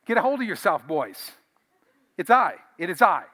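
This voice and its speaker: A man's voice: high voice, sing-song, moderate pace, sharp tone, long reverb tail, pitched above the performer's own voice, full character voice. A man playing a breezy, offhand Jesus, in a casual, joking retelling. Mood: reassuring.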